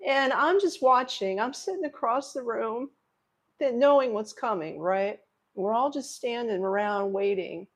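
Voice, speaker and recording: A woman's voice: a little high, unhurried, a little mellow. A middle-aged woman hosting a livestream, telling a personal story to her chat in a rambling, emotional, casual way. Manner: rambling, emotional, talks straight to viewers. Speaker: livestream host.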